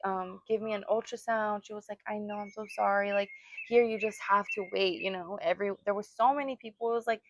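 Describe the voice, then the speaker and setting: Speaking a little fast in a mid-range voice with fairly even intonation, a young podcast co-host shares an emotional personal story packed with fillers. She is pregnant or a new mother, chatting casually.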